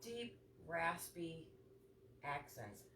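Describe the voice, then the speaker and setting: A woman's voice: sits low, sing-song, very slow, a crowd in the background. A woman co-hosting a casual chat show, blunt and emphatic, swearing freely. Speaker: podcast co-host. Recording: echoey room from far off, faint noise.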